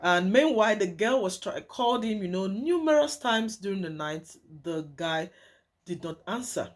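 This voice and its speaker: A woman's voice: mid-range voice, expressive, normal speed. A young woman telling a true story to her viewers, emphatic and dramatic, often repeating phrases and calling her audience "guys".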